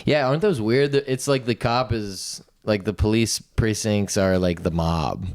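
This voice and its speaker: Very deep-voiced, laid-back man. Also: normal speed, a little mellow. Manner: laid-back, chimes in with jokes and short replies. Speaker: podcast co-host. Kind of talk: casual chat.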